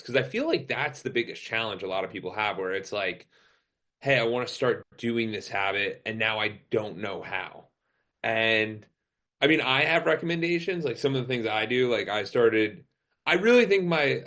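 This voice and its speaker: A man's voice: medium pitch, fairly bright tone. A man hosts a podcast with an ordinary mid-range voice. He talks casually and asks long, rambling questions. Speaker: podcast host. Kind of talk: casual interview chat. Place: remote call.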